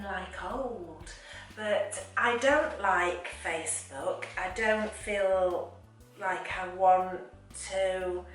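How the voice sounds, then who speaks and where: A middle-aged woman chatting casually and slowly, mildly exasperated about everyday annoyances. She is recorded from a distance in a very echoey room. Faint music plays behind her. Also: medium pitch. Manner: chatty, mildly exasperated, lively acted quotes. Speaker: vlogger. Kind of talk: casual chat.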